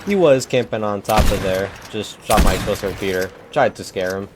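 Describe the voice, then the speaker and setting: Laid-back young man over loud gunfire. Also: fairly low pitch, a little fast, very noisy. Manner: laid-back, self-mocking, joking. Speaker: gaming YouTuber. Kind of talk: casual gameplay commentary. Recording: loud gunfire and game sounds behind.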